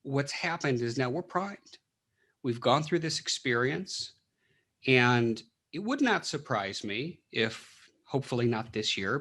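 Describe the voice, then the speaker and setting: A man's voice: medium pitch, a bit bright. Man explaining with rhetorical questions. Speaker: podcast guest, clinical psychologist. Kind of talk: casual interview talk.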